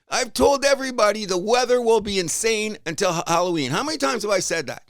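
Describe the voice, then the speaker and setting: A Canadian man co-hosting a casual sports podcast, loud and rambling, swinging between shouting and muttering. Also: sits high, sing-song, a little fast, hardly any pauses, no room sound. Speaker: podcast co-host.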